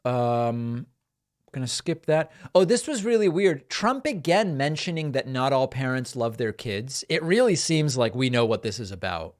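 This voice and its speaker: A man in his thirties hosts a live political stream, his voice swinging up and down with lively pitch. He reads viewer messages aloud and meets the clips with incredulous, mocking reactions. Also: moderate pace. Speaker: political commentary host.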